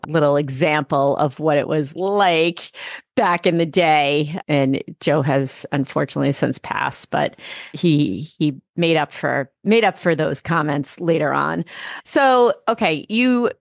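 A woman hosting a podcast in a notably low voice, chatting easily with her guest and asking questions. The sound is dry and close to the mic. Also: no room sound. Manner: conversational, asks questions and tells her own stories. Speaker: podcast host. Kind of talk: casual interview.

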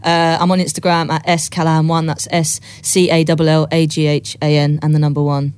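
A woman's voice: deep voice, little pitch movement, brisk, darkish tone, clean tone. A woman comedian guesting on a podcast, laid-back and crude, agreeing readily. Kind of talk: casual banter.

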